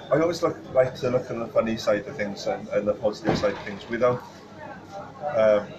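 A man's voice: fairly low pitch, muffled recording, background noise. A man, a chef guest on a podcast, telling stories casually with many fillers and restarts. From Wales.

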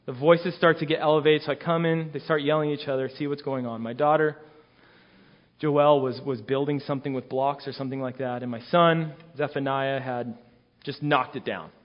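A man's voice: mid-range voice, steady tone, a little fast, lo-fi sound. A man in his thirties preaching a sermon as a guest preacher, earnest and emphatic, often repeating words as he presses a point.

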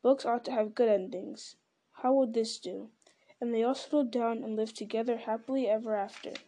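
Casting: a chatty, fond old hobbit man, read by a woman in a storybook, mellow and a bit high. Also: steady tone, normal speed, slight background noise, lightly acted.

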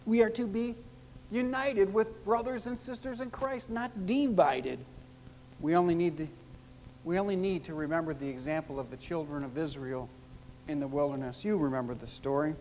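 A pastor preaching a sermon, emphatic and repetitive, with wide swings in pitch and loudness. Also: moderate pace. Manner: emphatic, repeats key phrases, big swings in pitch and loudness. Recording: long hall reverb with faint noise.

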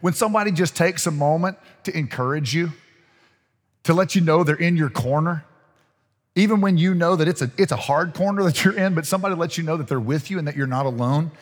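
A male pastor gives a relaxed, conversational sermon, circling back on his words and chuckling along the way. His voice sits a little high for a man. The sound rings with a long reverb from a large church sanctuary. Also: fairly quick. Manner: conversational, folksy preaching with laughs and restarts.

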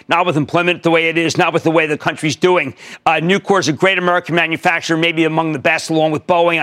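A male TV market show host giving emphatic, punchy market commentary that swings between loud bursts and low mutters.

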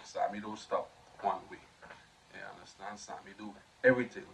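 This podcast host has a Trinidadian accent and a fairly low, slightly bright voice with fairly even intonation at normal speed. His motivational monologue is preachy and repetitive, peppered with "you understand?", and the recording is dull lo-fi with faint noise.

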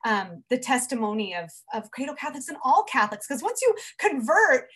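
Earnest higher-voiced woman guest. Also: big pitch swings, brisk, breathy edge. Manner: earnest, warm storytelling with frequent restarts. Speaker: guest, children's author. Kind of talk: casual faith conversation.

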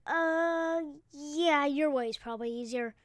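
A man doing a high-pitched boy superhero. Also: slow, fairly bright tone, no room sound, studio quality, full character voice. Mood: casual.

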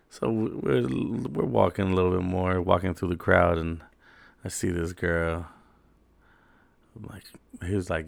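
A man tells stories in a laid-back, slangy, rambling way, his voice heavy with gravel and fry. He sits fairly low in pitch. The sound is close and dry, with no room echo. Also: a little slow. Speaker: host. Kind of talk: casual storytelling monologue.

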